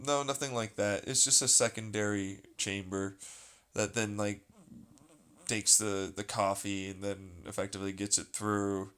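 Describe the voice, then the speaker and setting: A man's voice: on the low side, little pitch movement, unhurried, fairly bright tone, smooth. A man talking casually and at length, ranting with plenty of swearing and a sarcastic edge. He rambles from point to point, restarting thoughts as he goes.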